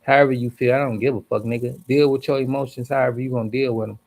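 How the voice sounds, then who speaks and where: A man tells a story on a livestream as a heated, profane rant, hitting his words hard. His voice has a rough, gravelly edge and sits at a middle pitch. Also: fairly even intonation, fast talker, a little mellow. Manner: angry, profane, emphatic.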